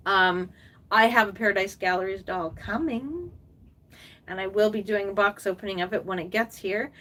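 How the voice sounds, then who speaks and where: Older woman, chatty live-stream host, rambling with fillers and laughs, soft cooing asides, middle-pitched voice, a little distant from the mic. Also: moderate pace. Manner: drops into soft cooing baby talk at times. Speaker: reborn doll artist and collector hosting a live stream. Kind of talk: casual live-stream chat reading viewer comments.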